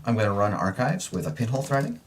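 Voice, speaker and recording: A man, a guest player on a card-game stream, deliberately talking through each move as he thinks aloud. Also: mid-range voice, sing-song, slight background noise.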